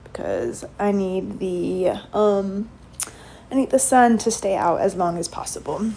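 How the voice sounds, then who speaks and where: A woman's voice: medium pitch, expressive, a little slow, vocal fry, mellow, a little hiss or hum, rough recording. A woman chatting casually to her viewers on a livestream while she reacts to a TV show, laughing often.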